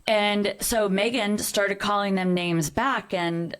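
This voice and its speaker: A woman's voice: mid-range voice, measured pace. Middle-aged woman telling a personal story. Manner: earnest storytelling, acts out quoted dialogue. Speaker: podcast guest.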